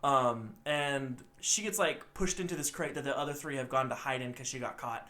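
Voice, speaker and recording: A young man co-hosting a podcast, retelling a film's plot in a rambling, animated way and acting out the characters' lines. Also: medium pitch, normal speed. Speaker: podcast co-host. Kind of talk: casual movie recap.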